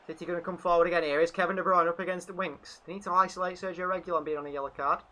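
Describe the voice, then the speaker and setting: A man's voice: high voice, steady tone, racing, sharp tone, a little hiss or hum. A man hosting a live fan commentary stream, calling the match and reading out viewer chat. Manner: chatty, reads out viewer chat between play calls. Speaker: fan channel host.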